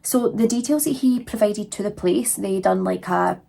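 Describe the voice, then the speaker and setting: A woman's voice: mid-range voice, normal speed, creaky, dark tone. A young adult woman hosting a true crime channel, telling the case in a chatty, casual way full of fillers. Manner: chatty, frequent "like" and "you know" fillers.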